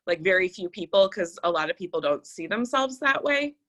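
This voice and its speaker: A woman's voice: medium pitch, animated, brisk, fairly bright tone. A woman co-hosting a podcast in casual chat, chatty and laughing often. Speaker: podcast co-host.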